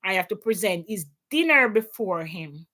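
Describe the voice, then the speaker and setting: A woman's voice: medium pitch, animated, normal speed, sharp tone. A Jamaican woman living in Canada, hosting a casual opinion chat and mixing patois into her English with plenty of emphasis. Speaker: livestream host. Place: home in Canada.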